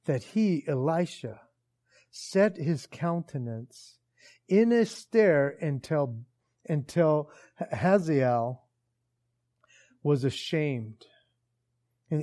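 A man preaching a sermon in a casual, animated storytelling way that builds in intensity. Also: mid-range voice. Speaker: pastor.

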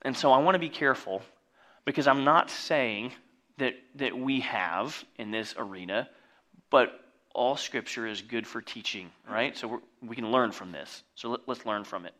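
Bright-voiced folksy preacher man. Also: mid-range voice, moderate pace. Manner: folksy, jokey asides, rising to loud exclamations. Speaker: pastor. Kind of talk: sermon.

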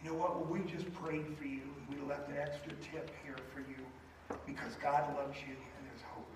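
Preacher in an echoey church. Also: male voice, on the high side, flat delivery, moderate pace. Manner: storytelling, conversational, leads a closing prayer. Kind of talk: sermon. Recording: echoey room from a distant mic with faint noise.

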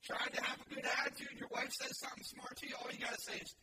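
A man preaching a sermon to a congregation in a church, leading call-and-response and building to shouted emphasis. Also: fast talker. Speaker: pastor. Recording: echoey, distant and noisy room recording.

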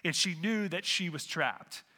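A man's voice: high voice, measured pace, pushed and bright, long reverb tail. A man preaching a sermon as pastor, earnest, with rhetorical questions and frequent restarts.

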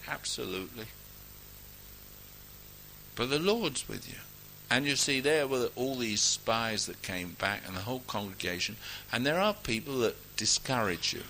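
A man delivers a sermon in a bright, ringing voice. His pitch rises and falls widely as he exhorts his listeners, moving between loud declarations and quiet asides. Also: expressive, vocal fry, a little hiss or hum, poor audio. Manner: reads scripture aloud in a ringing, measured cadence. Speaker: preacher.

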